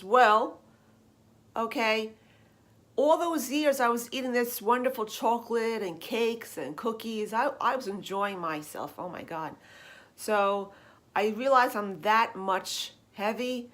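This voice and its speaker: A woman's voice: a little high, slow pace, a bit bright. A woman, a lifestyle and weight management coach, telling her personal story to the camera in a chatty way, with frequent exclamations and asides. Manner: chatty, exclaims often, many fillers and asides.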